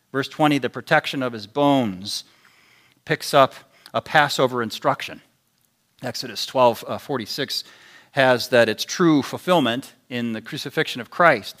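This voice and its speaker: A man preaching a sermon in a deliberate, emphatic way, his loudness rising and dropping sharply for stress. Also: mid-range voice.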